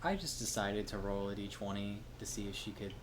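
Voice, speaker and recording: A man narrating a tabletop game as game master, calm and measured. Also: fairly low pitch, background noise.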